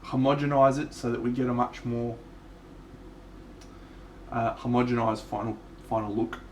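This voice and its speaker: A man's voice: mid-range voice, steady tone, normal speed, slight background noise. A man with an Australian accent, chatting casually and swearing freely while streaming his miniature painting live. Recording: echoey room.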